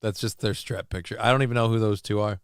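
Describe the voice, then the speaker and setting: A man's voice: on the low side, fairly even intonation, quick pace, gravelly, clean tone, no echo, studio quality. A man co-hosting a casual live show, reading out chat comments and riffing on them in a jokey, rambling way. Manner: jokey, riffs loudly on viewer comments, rambling. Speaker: livestream co-host.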